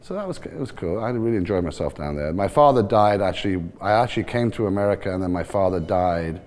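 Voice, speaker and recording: Low-voiced Irish-Scouse man in his 60s. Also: fast. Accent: Irish and Liverpool mix. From Ireland and England. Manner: relaxed, rambling, laughs easily. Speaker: team owner, interview guest. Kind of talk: casual storytelling interview.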